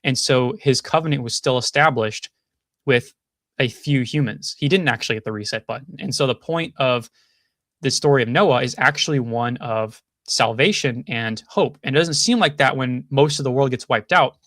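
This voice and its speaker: A man's voice: mid-range voice, normal speed, a bit bright, dry recording, clean studio sound. A man hosting a casual commentary show, thinking aloud with frequent restarts and hedges. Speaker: podcast host.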